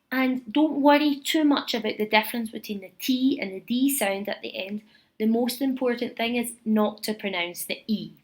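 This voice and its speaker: A woman's voice: fairly high pitch, low-quality recording. A woman from Scotland with a Scottish accent, hosting a podcast lesson and patiently explaining pronunciation step by step with spoken examples. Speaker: English teacher and podcast host.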